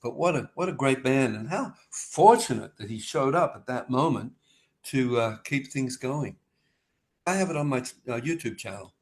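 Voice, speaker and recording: With lively intonation and normal speed, an older man from Australia rambles through anecdotes as a musician guest on a casual video-call interview. He performs the dialogue in his stories, switching voices for different characters.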